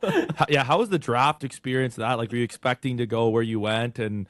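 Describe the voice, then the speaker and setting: A man's voice: medium pitch, brisk, a bit bright, no room sound. A man hosting a podcast, asking easygoing, rambling questions. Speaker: podcast host. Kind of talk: casual interview questions.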